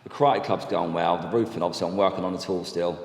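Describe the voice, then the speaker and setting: A man's voice: low voice, quick pace, gravelly, darkish tone. A man in his fifties, a podcast guest, talking in an earnest, rambling way with many agreeing fillers, recorded in an echoey room. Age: 50s. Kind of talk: casual chat. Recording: echoey room with long reverb.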